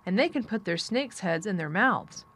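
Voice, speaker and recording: A woman's voice: mid-range voice, animated, moderate pace, a bit bright, breathy edge. A woman reading as an earnest young girl.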